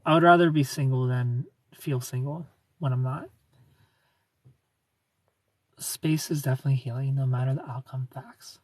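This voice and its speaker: Reading viewer comments on his casual livestream, a man from Ohio keeps things soft and low-key, tossing in quiet asides. He speaks a little fast, with no echo in the recording.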